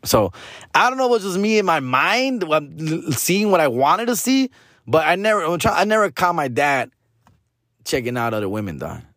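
A man in his forties with a Chicano English accent from Los Angeles tells a story in a casual, profane monologue, mixing in Spanish, rambling, restarting sentences and repeatedly calling the listener "fool" and "dog." His voice is a little high, fairly bright and very animated at a moderate pace, recorded clean in a studio with no echo.

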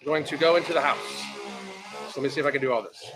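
A man's voice: mid-range voice, quick pace, background noise. A man hosting reaction commentary, ranting bluntly and swearing often. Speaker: commentary host.

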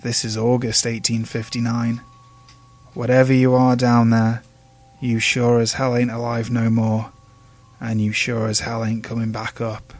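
A man playing a gruff, callous gravedigger. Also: mid-range voice, completely flat delivery, moderate pace, hardly any pauses. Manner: blunt, coarse, unsympathetic.

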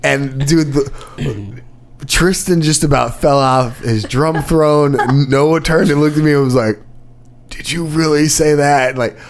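A man on a casual podcast chat, rambling through band stories with many false starts. His pitch sits mid-range for a man. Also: measured pace, slight background noise. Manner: rambling storyteller with many restarts. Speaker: podcast co-host and gigging musician.

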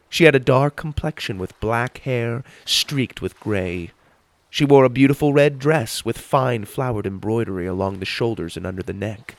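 A man narrating a children's adventure story in an expressive storytelling manner. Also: medium pitch, moderate pace, dry recording.

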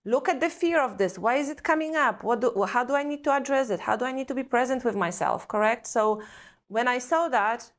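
A woman's voice: fairly high pitch, a little fast. A woman with an Eastern European accent, a guest on a podcast, speaking earnestly and reflectively in a string of rhetorical questions. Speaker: guest expert on parenting and trauma. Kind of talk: podcast conversation.

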